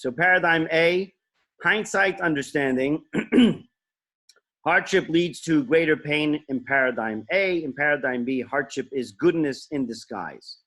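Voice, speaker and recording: A man's voice: medium pitch, a bit bright. Casual, rambling male lecturer. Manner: casual, rambling, self-interrupting. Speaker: teacher. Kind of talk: informal lecture.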